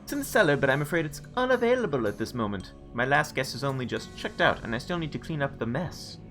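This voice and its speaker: A man voicing a creepy, grinning male innkeeper-butcher in a video game, slow and overly cheerful, with a lisp and oddly stressed words. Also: medium pitch, very animated, fairly bright tone, soft background music, voice pushed up. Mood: sinister. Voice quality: lisping, odd word stress. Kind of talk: video game dialogue reading.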